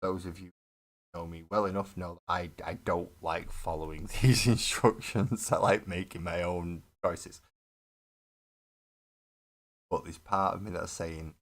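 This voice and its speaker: A man's voice: sits low, fairly even intonation, measured pace, long pauses. A man chatting casually on a live stream while he builds a miniature model, rambling, mocking himself and swearing freely. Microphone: desk webcam setup.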